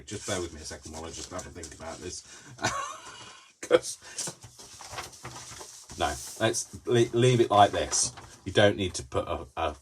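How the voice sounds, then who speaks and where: A man's voice: low-pitched, background noise. A man hosting a live paper-folding craft demonstration, chatty and giggly, tired and giddy from lack of sleep, often talking to himself as he works. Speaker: crafting video host.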